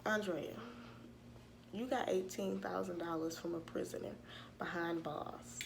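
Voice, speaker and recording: Woman, sassy animated recap, lowish voice, faint background hiss. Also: unhurried, creaky. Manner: sassy, animated retelling with acted-out quotes. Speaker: show recap host. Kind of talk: casual commentary recap.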